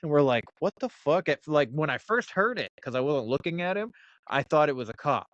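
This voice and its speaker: A man's voice: on the high side, a little fast, no echo, highs cut off. A man hosting a podcast, telling stories in casual chat and swearing often. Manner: swears often, animated storyteller. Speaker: podcast host.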